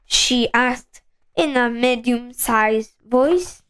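A woman reading a children's storybook aloud, slowly and with clear enunciation. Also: high-pitched, expressive.

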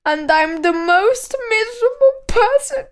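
A woman voicing a sad, squeaky little storybook man who sniffles and wails. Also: lively intonation, unhurried. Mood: whiny. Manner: sniffling, teary and wailing.

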